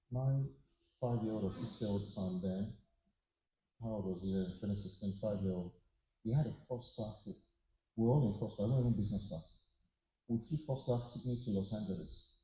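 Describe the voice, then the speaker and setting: A man's voice: on the low side, mellow. A middle-aged man on a conference panel, sharing personal stories in an emotional, heartfelt way. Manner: emotional, fond of crying, speaks with feeling. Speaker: panel guest. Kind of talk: candid personal storytelling. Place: conference hall at a media summit. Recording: echoey hall sound.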